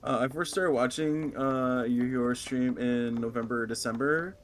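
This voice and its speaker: A relaxed man chatting while he plays and streams a game. He reads out viewer messages in an easy, friendly way, with a voice of medium pitch. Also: normal speed. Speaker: streamer and co-player. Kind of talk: casual chat while gaming.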